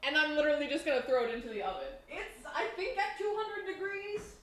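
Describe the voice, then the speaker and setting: A woman's voice: high-pitched, fairly quick, fairly bright tone. A woman chatting casually on a live cooking stream in her home kitchen, rambling and laughing often. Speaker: baking streamer. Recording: echoey room.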